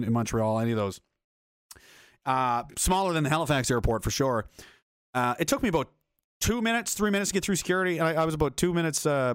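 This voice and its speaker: A man's voice: medium pitch, clean tone, no echo, studio quality. A man livestreaming and reading his chat, telling rambling stories in a blunt, crude, profane rant. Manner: rambling storyteller.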